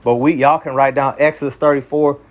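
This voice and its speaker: Speaking a little fast in a level, mid-range voice, a Kentuckian leads a small-group Bible study. He keeps it casual and slangy, often asking "you see what I'm saying" to check that the group is keeping up.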